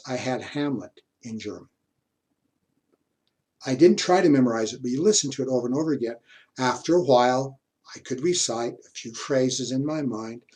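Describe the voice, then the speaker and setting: A man's voice: mid-range voice, a little mellow. Older male history lecturer, reflective. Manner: reflective, repeats words when searching for them. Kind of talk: personal anecdote in a lecture.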